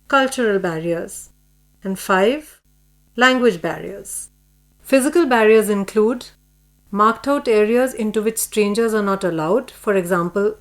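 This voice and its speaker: A woman reading a scripted course lesson, with slow, carefully enunciated pronunciation drills. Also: medium pitch. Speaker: course audio reader. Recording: faint mains hum.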